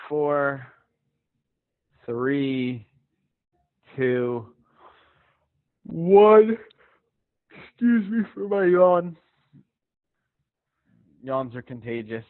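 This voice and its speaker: A man leading a live stretching class, guiding breaths and counts in a relaxed, encouraging, chatty way and checking in with students by name. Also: fairly high pitch, no echo. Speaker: fitness instructor. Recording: dry tinny phone-like sound.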